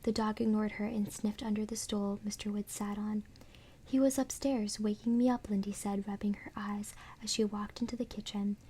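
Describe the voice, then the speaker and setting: Woman, unvoiced whisper, breathy, mellow tone, even steady reading, whispered role-play. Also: mid-range voice, moderate pace, hardly any pauses. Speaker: ASMR reader.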